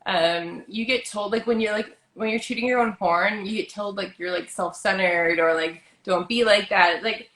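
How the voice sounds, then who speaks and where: A woman hosting a relaxed chat, with a voice at an ordinary middle pitch. She talks in a chatty, upbeat way, leaning on "like" as a filler. Her voice rings around a roomy, echoey space. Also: normal speed, few pauses. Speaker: host. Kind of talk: casual video chat. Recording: roomy echo.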